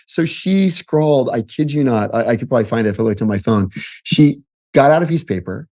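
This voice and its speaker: A man in his forties, a podcast guest, telling casual stories in an animated way, often breaking off and laughing. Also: mid-range voice, fast talker. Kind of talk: casual storytelling.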